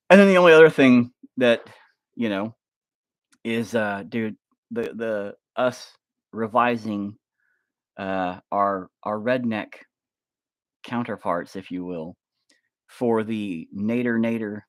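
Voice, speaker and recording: A man hosting a livestream who rambles through a casual film pitch, full of fillers and swearing. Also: slow, pauses often, no room sound. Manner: rambling, filler-heavy, profane. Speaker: livestream host.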